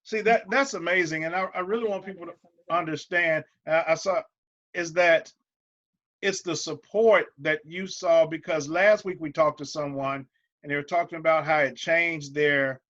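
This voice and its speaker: Bright-voiced enthusiastic male host. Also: on the high side, fairly even intonation, moderate pace, muffled recording. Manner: enthusiastic, affirming interviewer. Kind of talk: interview hosting.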